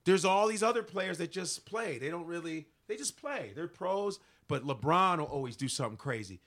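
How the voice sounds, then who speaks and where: A man's voice: on the high side, normal speed. A man, a comedian guest on a podcast, chatting casually, cursing freely and acting out quotes in funny voices. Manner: animated storyteller, acts out quotes in funny voices; swears freely, trails off searching for names.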